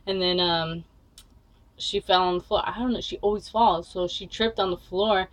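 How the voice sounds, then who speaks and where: A woman's voice: lowish voice, fairly even intonation, moderate pace, a little hiss or hum, rough recording. A young woman telling a story in a casual vlog, blunt and full of swearing and fillers. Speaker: vlogger.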